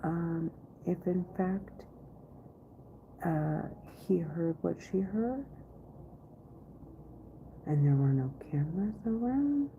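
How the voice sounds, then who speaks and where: A woman vlogging from her office in a rambling monologue, often half-whispered and halting, with many restarts. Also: lowish voice, animated. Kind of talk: rambling live-stream monologue. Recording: tinny phone-like recording, faint noise.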